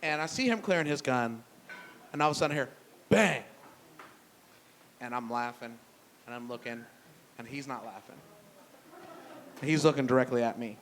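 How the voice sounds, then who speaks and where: A young man telling a profane stand-up story on a brewery stage, loose and conversational, dropping low for punchlines. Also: fairly quick, long pauses, a bit bright, slight background noise. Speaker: stand-up comedian. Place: brewery stage before a live audience.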